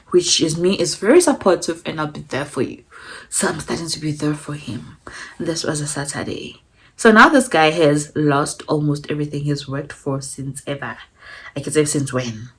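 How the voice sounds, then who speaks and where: A young South African woman with a South African accent, chatting casually through a storytime and switching between English and Zulu. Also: breathy edge. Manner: animated, acts out quotes with pitch jumps. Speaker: vlogger.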